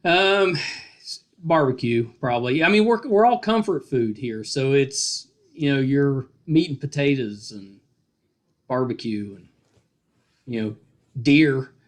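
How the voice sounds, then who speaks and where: A middle-aged man with a Virginian accent hosting a casual podcast interview over a video call, chatty and joking, often trailing off softly. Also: medium pitch, lively intonation, a little slow. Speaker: podcast host.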